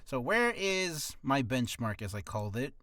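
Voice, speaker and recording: A man's voice: medium pitch, big pitch swings, normal speed, pushed and bright. A young man explaining voice-acting improv in a rambling, self-deprecating casual chat on a home mic. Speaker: voice actor vlogger.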